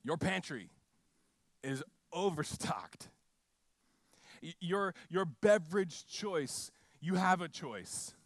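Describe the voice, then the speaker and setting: Man, pastor, sermon, storytelling, restarts often, slightly high voice, dry close sound. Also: slow pace, pauses often, no echo. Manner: storytelling with frequent restarts and animated quoted voices.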